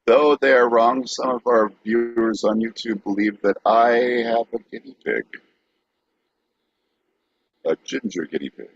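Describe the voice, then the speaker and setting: A man co-hosting a podcast, joking playfully in a deadpan way. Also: medium pitch, unhurried, long pauses, lo-fi sound. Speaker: podcast co-host. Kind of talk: casual banter.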